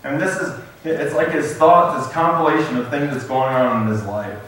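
A man's voice: mid-range voice, moderate pace, fairly bright tone. A man preaching a sermon as pastor, talking casually with fillers and reading scripture aloud. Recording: very echoey room, mic far off.

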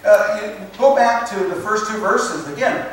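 A high-voiced man preaches slowly and earnestly, stumbling and repeating words as he works through scripture. He sounds distant from the mic, in a very echoey room with faint background noise. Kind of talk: sermon.

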